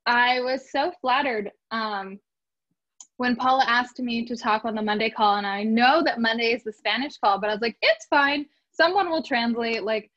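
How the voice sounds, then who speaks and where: A woman's voice: fairly high pitch, fairly even intonation, moderate pace, fairly bright tone. A woman from San Diego speaking as a guest on a video call, a little nervous, chatty and self-deprecating. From San Diego, California. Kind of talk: casual talk on a video call. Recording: dull lo-fi call audio.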